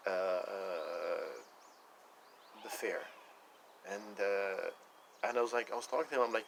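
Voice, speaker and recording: A man's voice: on the low side, fairly even intonation, normal speed, gravelly, fairly bright tone, a little hiss or hum, poor audio. A man talking casually into the camera, rambling and repeating himself as he retells conversations. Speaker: vlogger. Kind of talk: casual personal rant.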